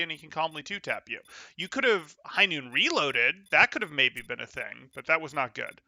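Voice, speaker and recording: A man's voice: fairly high pitch, sing-song, moderate pace, sharp tone, no echo. A young man coaching over a gameplay review, critiquing in an exasperated, incredulous way. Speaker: game coach.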